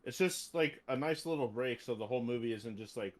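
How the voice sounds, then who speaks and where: A man's voice: medium pitch, fairly quick, a loud crowd. A man co-hosting a podcast in casual chat, rambling and packing his talk with fillers. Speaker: podcast co-host.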